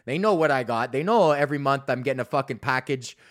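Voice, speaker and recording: A man's voice: medium pitch, expressive, fast talker, a bit bright. A man, hosting a podcast in a rambling, profane casual rant full of mockery. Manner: swears constantly, rambling and mocking. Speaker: podcast host.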